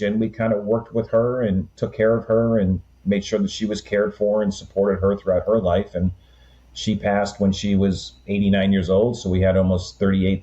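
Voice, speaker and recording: A man in his sixties speaks with a very low, dark, mellow voice. He tells his story in an easy, rambling way, full of asides and fillers. The sound is a little dull and lo-fi. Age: 60s. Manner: relaxed, rambling anecdotes with frequent "um" and "you know". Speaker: guest. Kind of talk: conversational storytelling.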